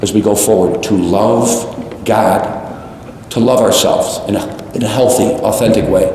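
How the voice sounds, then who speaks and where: A male priest preaching a homily, animated and repeating phrases for emphasis, with jokes and tangents. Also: lowish voice, measured pace, slight background noise. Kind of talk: sermon. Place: large church. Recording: echoey church, long reverb.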